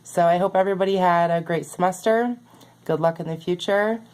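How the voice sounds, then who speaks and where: Woman with a fading voice, halting. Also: fairly low pitch, darkish tone. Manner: earnest, halting, many ums. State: losing her voice. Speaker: student. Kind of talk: recorded class reflection.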